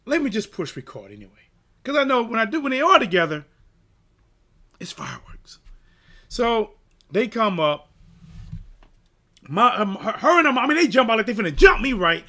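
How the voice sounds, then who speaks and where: A man hosting a boxing channel, telling a personal story in an animated, emphatic way and checking in with "right?". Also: very high-pitched, fairly quick. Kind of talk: casual storytelling rant.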